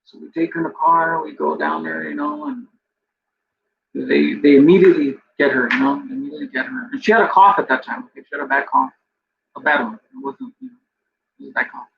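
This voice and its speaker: Gravelly-voiced man telling an emotional story. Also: on the high side, huge pitch swings, fast. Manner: rambling, full of "you know" and "like"; emotional, near tears. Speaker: podcast host. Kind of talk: personal storytelling. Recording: dull lo-fi recording with faint background noise.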